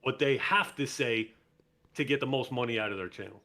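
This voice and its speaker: A man's voice: mid-range voice, fast, sharp tone. A man in casual podcast chat, explaining his view persuasively with rhetorical questions.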